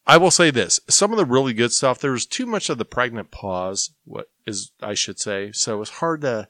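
A man's voice: medium pitch, expressive, moderate pace, fairly bright tone, dry recording, clean studio sound. A man co-hosting a movie podcast, introducing clips in casual chat, hesitant and searching for words. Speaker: podcast co-host running the clips.

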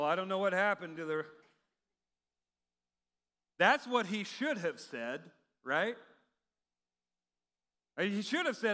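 A man preaching a sermon in an animated, humorous way, acting out quotes from the text. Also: high voice, slow pace, long pauses. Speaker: pastor. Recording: long hall reverb.

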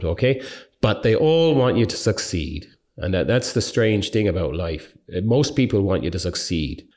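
A middle-aged man with an Irish accent, his voice sitting very low. He tells long stories from his swims in a rambling, animated way. He talks to a group of students as a swimmer and coach. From Ireland. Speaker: open water swimmer and coach. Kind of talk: storytelling talk to students.

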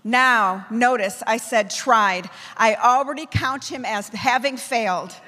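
A woman preacher delivers a forceful, declamatory sermon. Her voice sits somewhat high, and a long reverb trails after her words as if in a large hall. She drives her points home in emphatic, repeated lists. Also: slow. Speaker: apostle preaching to her church.

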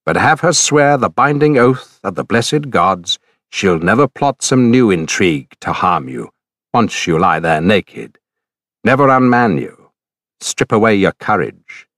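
A man's voice: on the low side, very animated, a little slow, fairly bright tone, no echo, clean studio sound. A man reading an audiobook voices a youthful male god who kindly and earnestly warns and instructs a traveler. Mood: urgent counsel.

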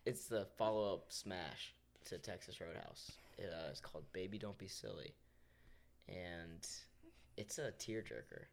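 Very low-voiced, wry woman host. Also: lively intonation, a little slow, vocal fry, a little mellow, slight background noise. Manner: wry, joking. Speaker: podcast host. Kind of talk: casual podcast chat.

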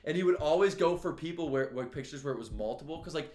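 A young man co-hosting a podcast, telling stories in casual, profane, animated chat. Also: a little high, quick pace, reverberant. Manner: swears a lot, animated storytelling with laughs. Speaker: podcast co-host.

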